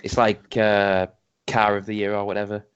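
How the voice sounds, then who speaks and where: A man's voice: fairly low pitch, completely flat delivery, normal speed, smooth. A man from England co-hosting a casual whisky-tasting podcast, rambling with many restarts and ums. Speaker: podcast co-host. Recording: dull lo-fi home podcast recording.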